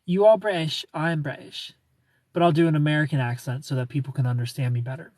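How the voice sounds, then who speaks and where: A man's voice: a little high, steady tone, fast, darkish tone, no echo. Chatty man hosting a live stream. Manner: chatty, greets viewers and reads their comments aloud; playful, gives breakup advice in a coaching tone. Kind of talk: casual live stream chat.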